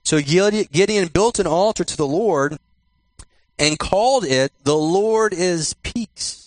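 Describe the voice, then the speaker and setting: A male pastor giving a sermon in church, repeating and slowing down his key phrases for emphasis. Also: sits high, lively intonation, no room sound. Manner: repetitive, emphatic preaching with slowed key phrases.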